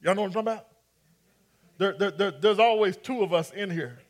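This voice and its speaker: A man's voice: high voice, brisk. A man preaching a sermon, acting out scripture scenes and coaxing his congregation to respond. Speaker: pastor.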